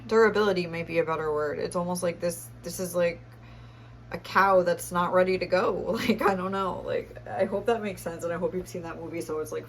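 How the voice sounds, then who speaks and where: A woman's voice: on the low side, slight background noise. A young woman giving a casual tarot reading, chatty and full of fillers, often laughing as she talks. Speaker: tarot reader.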